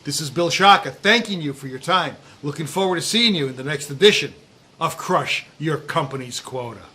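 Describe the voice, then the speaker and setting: A middle-aged man giving sales coaching to camera outdoors, talking emphatically with drawn-out stresses and dropping low at times. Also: animated, sharp tone. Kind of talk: direct-to-camera coaching talk. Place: outdoors in a breezy warm place. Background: wind noise.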